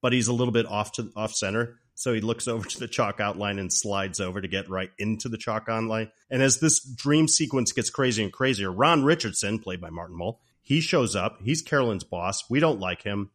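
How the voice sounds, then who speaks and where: A man's voice: lowish voice, brisk, hardly any pauses, a bit bright. A man co-hosting a podcast, animatedly recapping a comedy film and laughing often. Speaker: podcast co-host. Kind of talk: casual movie recap.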